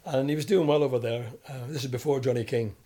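Older Scottish ex-footballer, lively storyteller who mimics the people he quotes. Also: mid-range voice, quick pace. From Scotland. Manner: animated storyteller, acts out quoted voices. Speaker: guest, former footballer. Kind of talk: storytelling interview.

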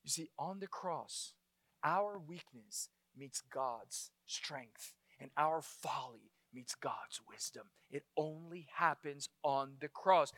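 A man preaching a sermon, impassioned, rising to loud exclamations and dropping to a hushed intensity. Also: on the high side, animated, takes it slowly, no echo, clean studio sound.

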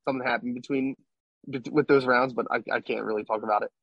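A man's voice: mid-range voice, fairly even intonation, fast talker, vocal fry, husky, dry recording, dull audio. A young man, a baseball player, recounting his past as a guest in a casual interview, rambling and tagging lines with "right?". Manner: rambling, tag questions like "right?".

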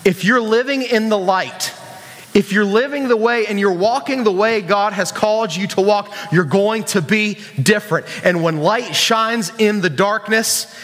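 A man's voice: high-pitched, fairly bright tone, big-room sound. A man preaching a casual sermon to young people, joking and asking the crowd questions. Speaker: youth pastor.

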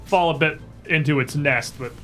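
A bright, slightly high-pitched man narrates as game master, loose and chatty, dropping filler words as he describes the fight. Soft music plays behind him. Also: normal speed. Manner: laid-back, chatty, frequent uh fillers.

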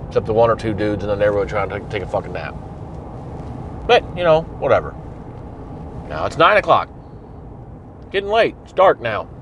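A man's voice: lowish voice, expressive, normal speed, long pauses, fairly bright tone, slight background noise. Blunt, profane man telling a story. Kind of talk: casual storytelling monologue.

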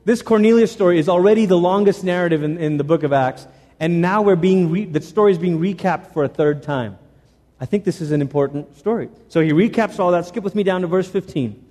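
A man preaching a sermon to his church, animated and repeating phrases for emphasis. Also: sits high, a little fast, long reverb tail. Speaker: pastor.

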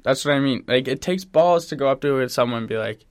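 A man's voice: medium pitch, fast. A man co-hosting a casual sports podcast, rambling with frequent swearing and restarts. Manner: rambling, swears often, self-interrupting. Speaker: podcast co-host. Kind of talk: casual chat.

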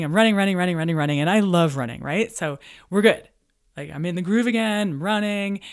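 Lively woman telling a story. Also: lowish voice. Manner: lively storyteller, acts out her own thoughts, chants rhythmic counts. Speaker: business podcast host. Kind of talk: personal storytelling monologue.

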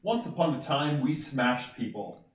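A man's voice: mid-range voice, animated, measured pace, slight background noise. A man who is a tabletop game player, chatting casually with a joking, boastful manner. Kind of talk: casual chat at a gaming table. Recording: distant, roomy, lo-fi with loud crowd chatter.

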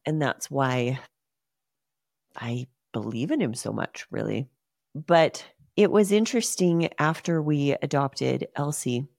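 Low-voiced emotional woman telling her story. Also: gravelly, a little mellow, dry recording, studio quality. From Utah. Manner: emotional, earnest, addresses listeners as guys. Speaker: podcast host. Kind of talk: personal storytelling.

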